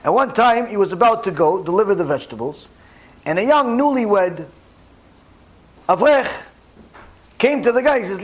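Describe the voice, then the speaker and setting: A man rabbi telling a story in a sermon, animated and emphatic, rising in pitch and volume at key points. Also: moderate pace, pauses often.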